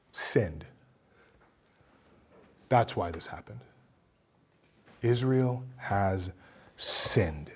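A male pastor preaching a sermon, his voice dropping low and quiet and then rising into loud, emphatic bursts. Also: slightly rough.

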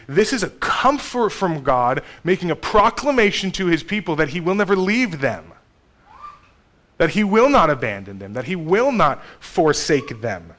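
A pastor in his thirties giving a conversational sermon, with sudden swings between loud emphasis and soft asides. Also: a little high, very animated, normal speed.

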